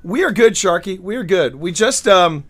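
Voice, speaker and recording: A man with a high, bright and forceful voice chats casually on a live writing stream. He tells his stories in an animated way, tripping over and repeating words as he goes. He is speaking into a desk microphone. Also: unhurried.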